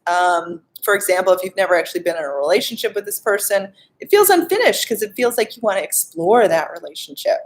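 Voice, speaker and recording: A young woman talks casually on a live stream, coaching her viewers. She reads out their questions and answers them in a chatty, easygoing way, with plenty of filler words. Her voice sits in a middle pitch for a woman. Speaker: life coach.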